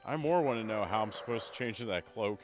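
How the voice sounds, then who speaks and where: A man's voice: on the low side, lively intonation, fast talker, faint music behind. A man streaming a video game with casual, joking commentary, reading dialogue aloud.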